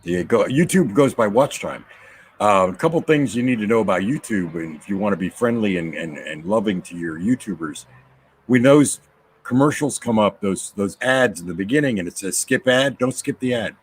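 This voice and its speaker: A man's voice: fairly low pitch, animated, normal speed, a little hiss or hum. A man hosting a casual chat, joking around in an easygoing way. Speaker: host.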